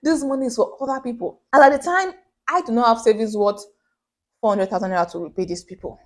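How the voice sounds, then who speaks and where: A young Nigerian woman tells her own business story to camera in a lively vlog. Her voice sits a little high, and she acts out the voices of the people in her story. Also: fast talker. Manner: animated storyteller who acts out quoted voices. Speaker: small business owner.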